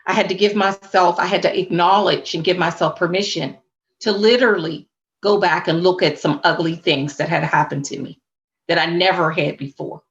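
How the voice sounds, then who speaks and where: A woman's voice: on the low side, steady tone, moderate pace, dull audio. A woman speaking as a spiritual coach and interview guest, earnest and reflective, with faith-tinged phrasing.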